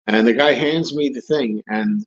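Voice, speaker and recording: A man's voice: medium pitch, a little slow, highs cut off. A man hosting a live stream, answering viewer questions in casual rambling chat, repeating and restarting his phrases as he rants.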